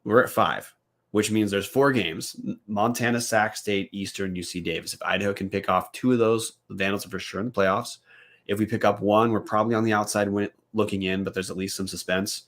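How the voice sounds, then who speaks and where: A man's voice: fairly low pitch, steady tone, fairly quick, a bit bright. A man co-hosting a college football podcast, breaking down playoff odds bluntly and swearing casually. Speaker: podcast co-host. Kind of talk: casual sports podcast chat.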